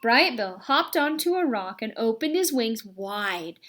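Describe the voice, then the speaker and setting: A woman narrating a children's storybook aloud in a gentle, expressive read-aloud way. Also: a little high, measured pace. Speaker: audiobook reader.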